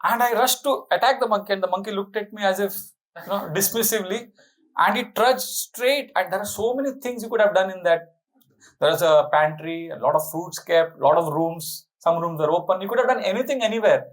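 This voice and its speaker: A middle-aged man, a monk telling an animated, laughing anecdote as a spiritual talk. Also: high-pitched, a little fast, rough recording. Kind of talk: storytelling sermon.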